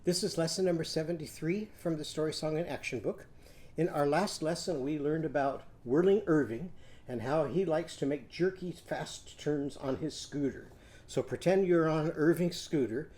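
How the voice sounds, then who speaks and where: A man's voice: fairly high pitch, normal speed, mellow. A middle-aged man teaching a children's phonics lesson, coaxing young learners and stretching out vowel sounds in drills. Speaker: literacy teacher.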